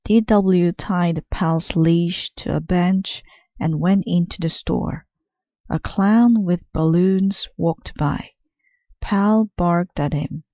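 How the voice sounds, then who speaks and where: Slow, gentle woman reading a picture book aloud. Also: on the low side, no echo, lo-fi sound. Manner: slow, careful, clear storytelling. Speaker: storyteller.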